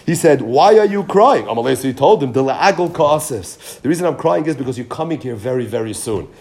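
A man giving a Talmud class, reading each line of the text, then translating it and retelling it with animated emphasis. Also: mid-range voice, fast. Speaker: Talmud teacher.

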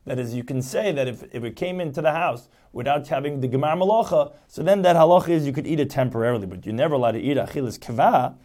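A man's voice: medium pitch, fast, few pauses, dark tone. A man teaching a text as a lecture, explaining step by step and rephrasing each point. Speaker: Talmud teacher.

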